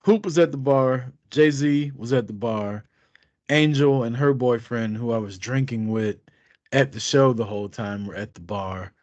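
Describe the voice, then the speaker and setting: A man's voice: mid-range voice, a little slow, no room sound, dull audio. A man in his thirties, co-host of a podcast, telling a story casually with lots of laughter and swearing. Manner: profane, laughing, animated storytelling.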